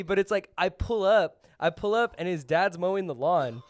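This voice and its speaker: High-voiced man telling a rambling story. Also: expressive, a little fast, no room sound, studio quality. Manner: rambling, profane, acts out dialogue with laughs. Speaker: podcast co-host. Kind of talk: casual storytelling.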